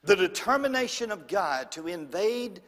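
A man preaching a sermon in church, swinging from loud and high to hushed and low. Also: big pitch swings, moderate pace, long reverb tail. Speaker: pastor.

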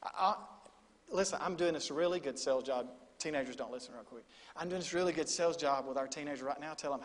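A man's voice: a little high, quick pace, big-room sound, slight background noise. A middle-aged man, a student minister preaching a sermon in a folksy storytelling manner. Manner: folksy storytelling with quoted asides.

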